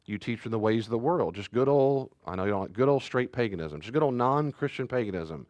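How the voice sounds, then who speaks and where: A man's voice: mid-range voice, expressive, quick pace, few pauses, a little mellow, no room sound, clean studio sound. A pastor giving a conversational sermon, acting out short exchanges between parents and children and sometimes raising his voice for emphasis.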